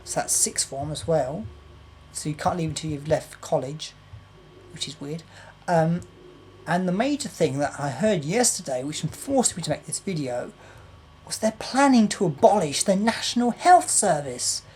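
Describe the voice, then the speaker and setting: Young woman, lowish voice, heated vlog rant that keeps circling back to the same complaint. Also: expressive, normal speed, a little mellow, a little hiss or hum. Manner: exasperated, repetitive, swearing. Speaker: vlogger. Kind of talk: political rant to camera.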